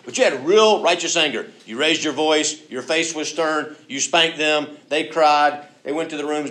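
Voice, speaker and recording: Man preaching a conversational sermon. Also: fairly high pitch. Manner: conversational, acts out quoted voices, swings from soft to loud. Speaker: pastor.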